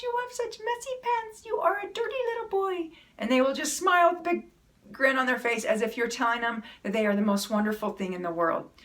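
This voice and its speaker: A woman's voice: mid-range voice, fairly bright tone. A middle-aged woman speaking earnestly to camera, giving encouraging, plain-spoken self-help advice. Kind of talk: motivational talk to camera.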